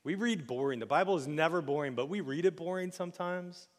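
A man preaching a sermon in a casual, joking way, with sudden loud acted outbursts. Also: on the high side, fairly quick, long reverb tail. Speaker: pastor. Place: church sanctuary.

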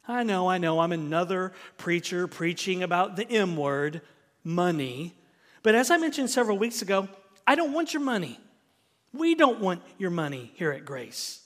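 Emphatic Southern pastor preaching. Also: male voice, high-pitched, big pitch swings, moderate pace, fairly bright tone, long reverb tail. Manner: emphatic, repeats key phrases for stress. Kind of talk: sermon. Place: church.

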